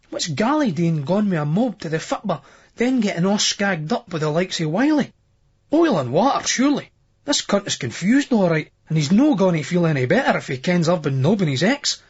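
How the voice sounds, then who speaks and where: A Scottish man reads a first-person novel in a brisk, earthy dialect, with lots of swearing. His voice sits high and a little husky. The remastered recording sounds dull and lo-fi. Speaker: audiobook narrator.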